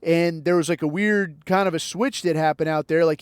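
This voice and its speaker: A man's voice: on the high side, fairly even intonation, moderate pace, hardly any pauses, smooth, no room sound, clean studio sound. A man hosting a podcast, telling a long casual story in a laid-back, slangy way and acting out the other people's lines. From United States. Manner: laid-back, slangy, acts out quoted dialogue. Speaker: podcast host.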